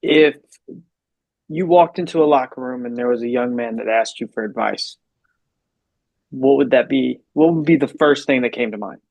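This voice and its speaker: A man's voice: mid-range voice, normal speed, creaky, long pauses, darkish tone, no echo, rough recording. A man hosting a podcast, asking interview questions in a hesitant way with many ums. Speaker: podcast host.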